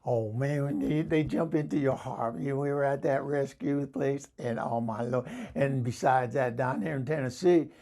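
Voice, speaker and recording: A man playing an excitable, dog-loving hillbilly woman with a Southern accent in a comic character vlog, gushing and rambling with lots of laughs. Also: medium pitch, normal speed, gravelly, hardly any pauses, natural voice. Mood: chatty.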